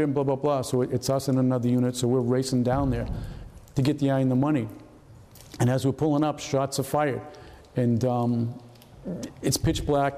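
A man's voice: medium pitch, dark tone, long reverb tail. A man in his seventies from Massachusetts, giving a storytelling talk with slides in a casual way. He often repeats words and acts out dialogue. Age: 70s. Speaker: retired FBI agent giving a talk.

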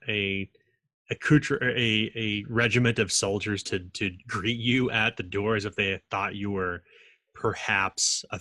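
A man narrates as game master of a tabletop game. His voice sits a little low, and it is recorded dry and close. He builds each scene slowly, with plenty of ums and restarts. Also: bright, forceful tone, no echo. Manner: descriptive, halting with many fillers.

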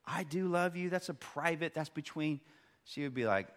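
A man in his thirties gives an impassioned sermon in a bright, fairly high voice. He swings between loud bursts and soft, hushed stretches, and the long reverb of the church hall hangs after every phrase. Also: normal speed. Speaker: pastor.

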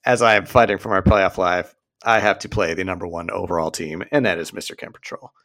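A man's voice: sits low, fairly quick, a bit bright. A man co-hosting a casual podcast, laid-back and self-deprecating in his banter. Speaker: podcast co-host.

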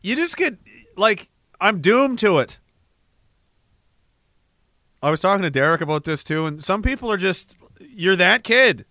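Sarcastic high-voiced man ranting. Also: sing-song, unhurried, pauses often, pushed and bright, no room sound, clean studio sound. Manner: sarcastic, profane, mocking, with bursts of laughter. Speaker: podcast host reading listener messages. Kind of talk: casual ranting commentary.

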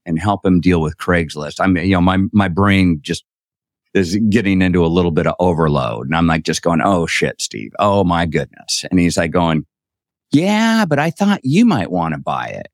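A middle-aged man telling a story as a podcast guest, acting out quoted dialogue with lively voices. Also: low-pitched, no room sound, studio quality.

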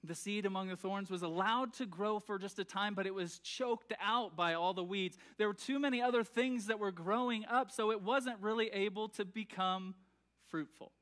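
A man's voice: sits high, moderate pace, fairly bright tone. A man preaching a sermon in a church, talking in a conversational way with many fillers and restarts and often checking that the congregation follows. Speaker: pastor. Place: church sanctuary.

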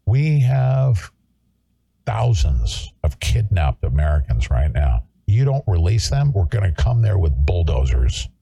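A man's voice: deep voice, very animated, measured pace, gravelly, warm tone, breathy edge, dry recording. A male talk show host ranting in an angry, confrontational way and hectoring his listeners. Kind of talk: political talk show rant.

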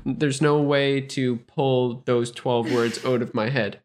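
A man's voice: mid-range voice, slow pace. Canadian man explaining casually. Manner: relaxed, explains with examples, laughs easily. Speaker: podcast co-host.

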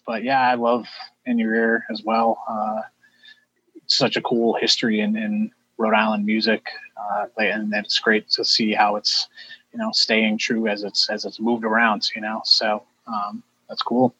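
A man hosting a podcast, asking questions in a relaxed, hesitant way with fillers. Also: lowish voice, unhurried, husky, dry recording, muffled recording. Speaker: podcast host. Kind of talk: casual interview chat.

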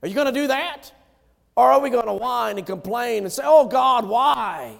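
A preacher delivers a sermon in a high, gravelly voice, speaking a little fast. He rises to loud, emphatic calls and then sinks into low, hushed lines. A long reverb trails after his words.

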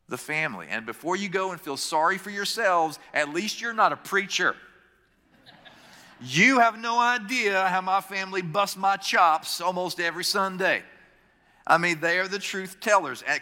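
A man's voice: medium pitch, sharp tone. A man in his forties, a pastor giving a sermon, telling stories in a conversational, self-mocking way. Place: church sanctuary. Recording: long reverb of a large church.

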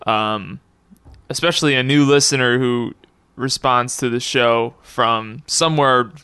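A man's voice: mid-range voice, steady tone, unhurried, sharp tone, smooth, no echo. A young man hosting a casual podcast, rambling and laughing often as he tells stories. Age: young adult. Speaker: podcast host.

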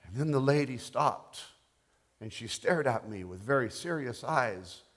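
A middle-aged male pastor preaching a sermon, telling a testimony softly and rising to loud, impassioned declarations. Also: mid-range voice, expressive, unhurried. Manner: quiet storytelling building to loud, impassioned declarations.

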